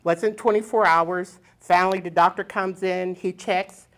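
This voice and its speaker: An older woman telling a personal story on stage, plain-spoken and lively, chuckling as she goes. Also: lowish voice, measured pace. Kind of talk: personal storytelling before a live audience. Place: community center stage.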